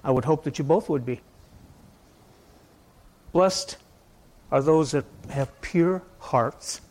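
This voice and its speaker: A man preaching a sermon in a conversational, rambling way, asking his listeners question after question and swinging between loud and soft. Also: a little high, takes it slowly. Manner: conversational, asks the audience many questions. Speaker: pastor.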